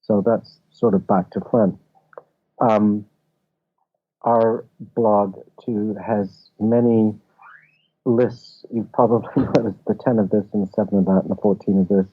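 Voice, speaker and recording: Film festival founder, male, low husky voice, explains through anecdotes; audio sounds tinny and phone-like. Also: steady tone, measured pace. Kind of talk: casual interview chat. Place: office.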